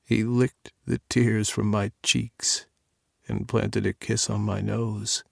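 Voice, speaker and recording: A man narrating a first-person audiobook in a measured, intimate reading on a close studio mic. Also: lowish voice, level tone, gravelly, no echo.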